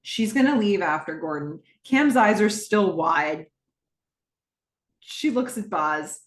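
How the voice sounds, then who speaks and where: A woman's voice: medium pitch, animated, takes it slowly. Chatty woman recapping in an echoey room. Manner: chatty, laughing asides. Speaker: podcast host. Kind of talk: casual episode recap. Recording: roomy echo.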